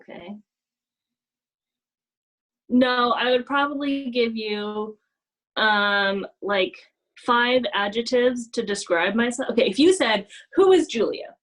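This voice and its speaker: A woman co-hosting a casual chat, talking in an animated way with many "like" fillers and acting out gasping apologies. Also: fairly high pitch, takes it slowly, pauses often, rough recording. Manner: frequent "like" fillers. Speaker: podcast co-host.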